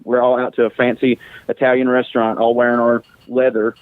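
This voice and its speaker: A man's voice: mid-range voice, monotone, brisk, no room sound. Male podcast guest, profane, self-mocking, dry thin lo-fi sound. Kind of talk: casual storytelling.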